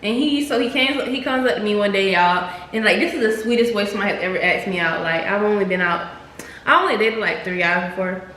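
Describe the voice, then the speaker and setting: A woman's voice: medium pitch, fast, a bit bright. A young woman telling a casual storytime to her viewers, chatty and slangy, often calling them "y'all.". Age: young adult. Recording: echoey room with faint noise.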